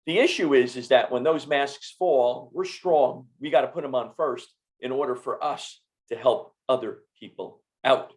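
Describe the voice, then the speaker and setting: A man's voice: medium pitch, moderate pace, few pauses. Encouraging male podcast host. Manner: encouraging, motivational, supportive. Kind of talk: podcast interview.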